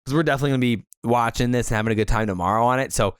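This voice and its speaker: A man's voice: medium pitch, rapid-fire, smooth, no echo, clean studio sound. A man hosting a casual esports podcast, upbeat and joking with his co-hosts. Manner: upbeat, joking, laughs often. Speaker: podcast host.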